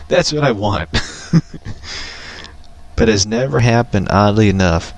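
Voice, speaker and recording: A man's voice: lowish voice, expressive, takes it slowly. A man who hosts a casual show, reading a comic aloud and chatting with enthusiasm, laughing often.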